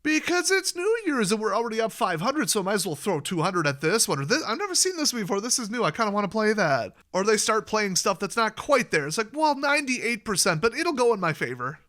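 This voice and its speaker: Bright, chatty man rambling casino tips. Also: big pitch swings. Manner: rambling and chatty, acting out quoted dialogue with sudden high jumps; deliberately clear, well-spoken diction. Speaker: YouTube host giving casino advice. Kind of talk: casual advice monologue.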